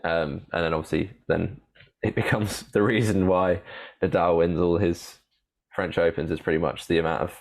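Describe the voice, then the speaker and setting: A man with a very low, deep voice co-hosts a relaxed podcast. He talks in a rambling, halting way, with many fillers and restarts. He laughs easily as he sets a quiz for his co-host. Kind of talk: casual podcast chat.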